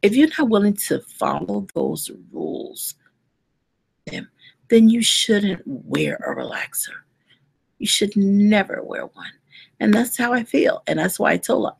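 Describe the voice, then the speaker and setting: A woman's voice: mid-range voice, lively intonation, a little slow, creaky, slightly rough. A woman who works as a hair care specialist, giving earnest, conversational advice to listeners and often restarting her sentences. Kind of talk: casual advice talk to listeners.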